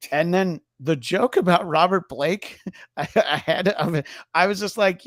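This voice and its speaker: A man's voice: a little high, expressive, normal speed, fairly bright tone, no echo, studio quality. A man co-hosting a podcast in casual chat, rambling with lots of fillers and jokey asides. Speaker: podcast co-host.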